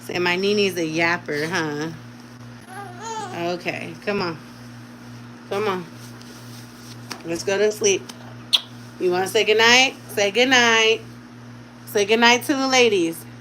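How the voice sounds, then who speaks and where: A woman's voice: medium pitch, slow pace, pauses often, pushed and bright, a little hiss or hum, rough recording. A woman at home talking in casual vlog chat while caring for a baby, slipping into doting baby talk as she coaxes an infant to speak. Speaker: vlogger.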